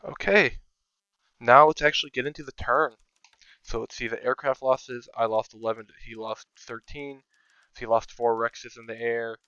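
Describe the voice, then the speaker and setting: A man's voice: mid-range voice, a bit bright, smooth, no room sound, lo-fi sound. A man giving casual, think-aloud commentary over his own strategy game, sometimes counting under his breath. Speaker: strategy game video creator.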